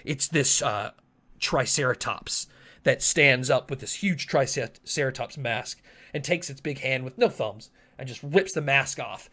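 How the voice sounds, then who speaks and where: A man's voice: mid-range voice, pushed and bright. A man running a tabletop game as game master, narrating the action vividly and with animation.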